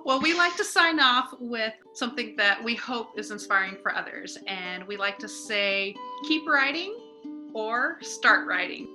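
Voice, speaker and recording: A woman's voice: mid-range voice, normal speed, hardly any pauses, over music. A woman hosting a podcast, friendly and thanking her guest as she wraps up the chat. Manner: friendly, thanks the guest often, laughs easily. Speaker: podcast host. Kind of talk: casual interview chat.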